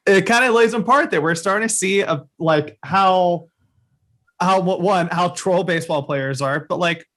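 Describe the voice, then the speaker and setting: Young male podcast co-host, slightly high voice, enthusiastic, halting with lots of restarts. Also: a bit bright. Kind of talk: casual chat.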